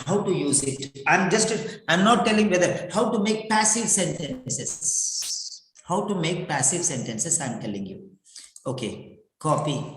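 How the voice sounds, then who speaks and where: A man teaching English writing for exams in an emphatic, repetitive lecture full of rhetorical questions. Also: fairly high pitch. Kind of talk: classroom-style lecture. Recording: echoey room.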